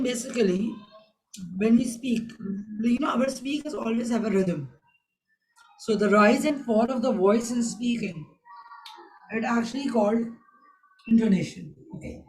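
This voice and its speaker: A woman speaks in an instructive lecturing tone, her voice sitting a little high. She is teaching an online class, and a faint background hiss runs under her speech. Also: moderate pace, pauses often, a little mellow, poor audio. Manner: instructive, switches into Hindi phrases. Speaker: IELTS teacher.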